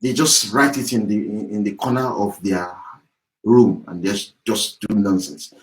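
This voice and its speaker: A man's voice: lowish voice, measured pace, poor audio. A man giving an impassioned political address as an activist, heated, profane and repetitive. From Yorubaland, southwest Nigeria.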